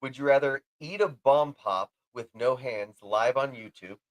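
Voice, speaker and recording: A man's voice: medium pitch, a little slow, dry recording. A man co-hosting a casual podcast, easygoing and rambling, often giggling as he talks. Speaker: podcast co-host. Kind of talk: casual chat.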